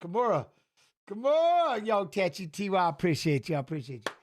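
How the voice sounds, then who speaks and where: A man's voice: fairly high pitch, fast talker. A man hosting a fight watch-along, mixing blunt, profane life stories with casual live commentary.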